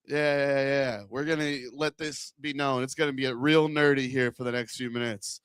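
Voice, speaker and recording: A man's voice: medium pitch, steady tone, normal speed, a bit bright, clear, resonant tone, dry recording, clean studio sound. A man doing a stand-up comedy set in a club, chatting with the crowd, rambling and laughing at his own jokes.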